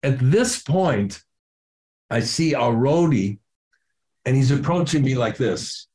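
A man's voice: mid-range voice, lively intonation, slow, darkish tone. An older man, a drummer being interviewed, telling a story with lots of acted-out quotes and casual swearing. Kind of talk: animated anecdote telling.

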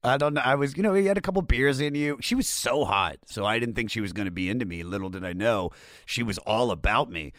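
A man from Maryland hosting a casual podcast, relaxed and chatty, laughing along with his guest. His pitch is ordinary and mid-range for a man. The recording is dry and close to the mic. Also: fast, dry recording. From Maryland, USA. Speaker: podcast host.

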